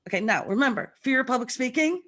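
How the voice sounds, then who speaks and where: On a video call, a woman appearing as a guest medium chats casually and tells stories in a lively way. She speaks quickly in a high voice that is a little rough from the morning.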